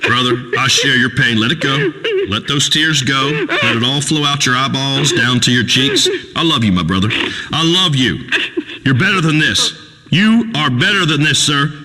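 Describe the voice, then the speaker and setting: A swaggering redneck radio host. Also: male voice, medium pitch, expressive, moderate pace, big-room sound. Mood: preachy. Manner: loud folksy swaggering rant, Southern drawl. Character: crude boastful male redneck talk show host. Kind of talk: comedic radio show in a video game.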